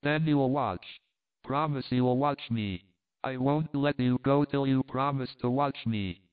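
A man voicing an excitable young man who talks in a childishly eager, exclamatory way. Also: mid-range voice, measured pace, smooth, close to an everyday voice. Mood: coaxing. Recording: tinny phone-like sound.

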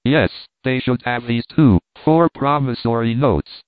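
A man narrating a novel aloud at a measured, steady pace. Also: medium pitch, dry recording. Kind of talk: scripted audiobook narration. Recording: dry tinny phone-like sound.

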